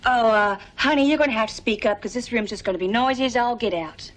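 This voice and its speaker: An actress as a brisk, folksy trainer woman. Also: fairly high pitch, natural voice. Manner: brisk, folksy, calls people honey.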